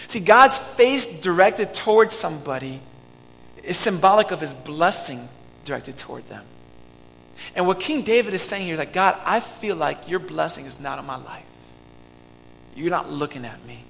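A male pastor preaches with a high, bright voice, earnest and pleading with his listeners. He moves between loud emphasis and hushed lines. His voice carries the long reverb of a church hall. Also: expressive, normal speed, creaky, a little hiss or hum. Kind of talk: sermon.

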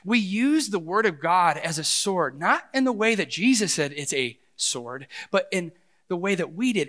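A middle-aged man preaching a sermon as pastor, animated and swinging between loud passages and hushed ones. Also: high voice, normal speed.

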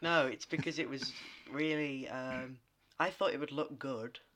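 A man co-hosts a casual film podcast with a bright, edgy tone. His delivery is dry and deadpan, and he quips in short flat answers. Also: medium pitch, measured pace. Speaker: podcast co-host.

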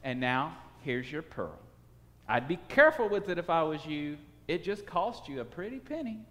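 A man voicing a calm, shrewd trader who speaks softly and politely. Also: on the high side. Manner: soft-spoken, polite and measured. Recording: long hall reverb.

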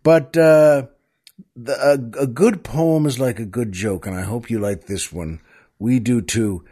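A man's voice: medium pitch, measured pace, warm tone, husky. A man hosting a comedy podcast, telling jokes in a chatty monologue full of asides and chuckles. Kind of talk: casual comic monologue.

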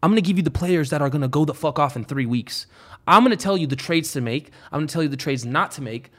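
A man's voice: on the high side, lively intonation, fast, a bit bright. A young man hosting a casual podcast, brash and swearing, laughing often as he talks. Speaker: podcast host.

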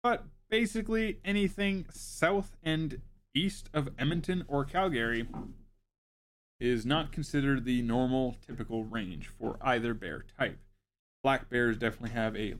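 A man hosting a show, reading informational notes aloud and breaking off for joking asides. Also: medium pitch. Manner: wry, joking asides between read facts. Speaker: show host.

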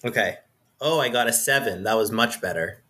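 A man speaks as a player in a tabletop game, his mid-pitched voice clearly bright. He is laid-back and casual, stopping now and then on an um. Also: a little fast.

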